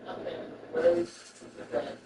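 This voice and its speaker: A speaker in casual chat who rambles and repeats phrases. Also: slow pace. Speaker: person chatting. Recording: roomy, far from mic, loud traffic noise.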